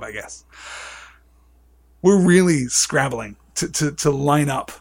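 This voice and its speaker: A man presenting a live-streamed book discussion, reading passages aloud and adding wry, chatty asides. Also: on the high side.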